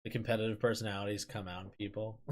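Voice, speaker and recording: Man, streamer host, casual livestream chat, rambling, laughs a lot, swears, fillers, mid-pitched. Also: fairly bright tone.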